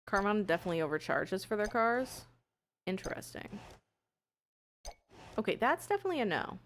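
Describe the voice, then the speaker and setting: Chatty woman streamer with a lively voice. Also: mid-range voice, brisk. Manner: chatty, swearing, excitable outbursts. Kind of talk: casual live gameplay chat.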